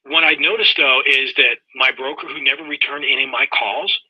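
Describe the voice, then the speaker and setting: A man's voice: mid-range voice, steady tone, a little fast, breathy edge, no room sound. A middle-aged man telling a personal story in a webinar in a folksy way, talking straight to his listeners, heard through dull, lo-fi audio. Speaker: webinar presenter.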